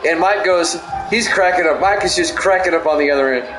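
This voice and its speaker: A man's voice: on the high side, brisk, music in the background. A middle-aged man calling plays of a football game while telling a rambling story to his chat, laughing often. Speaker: streamer doing game commentary. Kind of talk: play-by-play commentary mixed with chatty storytelling. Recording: echoey room with background noise.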